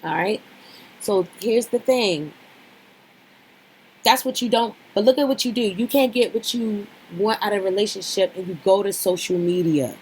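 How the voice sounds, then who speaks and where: A reality show recap vlogger with a medium-pitched, breathy-edged voice offers casual, opinionated commentary. She's blunt and swears freely, talking straight at the people she discusses and repeating herself for emphasis.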